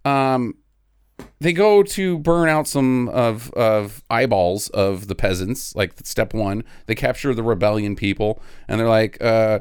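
A podcast co-host in casual comedic chat, retelling a film sarcastically with quick mock voices, swearing and laughing often. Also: medium pitch, clear, resonant tone, no room sound, studio quality.

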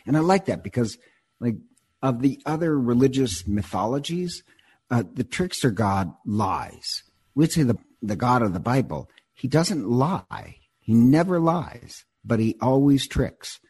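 A man in casual conversation, retelling a myth in an animated, digressive way and often repeating words as he goes. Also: mid-range voice, unhurried, slightly rough.

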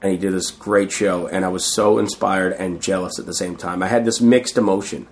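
A man's voice: sits low, steady tone, fairly quick, a little hiss or hum. A middle-aged man in a casual interview, telling rambling stories and acting out what others said. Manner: rambling, acts out quoted voices. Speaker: guest, street performer.

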